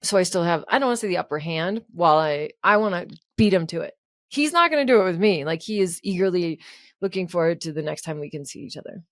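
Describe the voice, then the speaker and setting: A woman's voice: on the low side, quick pace, no room sound, studio quality. A young woman co-hosting a podcast, telling stories in casual chat, swearing freely and laughing often. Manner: profane, animated storytelling, laughs often. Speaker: podcast co-host.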